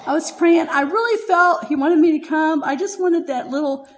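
High-voiced older woman preaching heartfelt testimony. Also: moderate pace, poor audio. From United States. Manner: emotional, laughs often while speaking.

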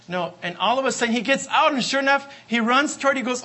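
A man's voice: very high-pitched, fairly quick, pushed and bright. A man preaching a sermon, emphatic and repetitive, asking for amens. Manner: emphatic, repeats refrains, asks the congregation for amens.

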